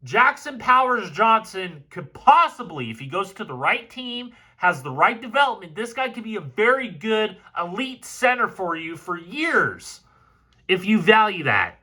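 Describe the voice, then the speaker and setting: Excitable, foul-mouthed football breakdown guy. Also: high-pitched, measured pace. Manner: excitable, profane, gets fired up. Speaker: football film analyst. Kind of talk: film breakdown commentary.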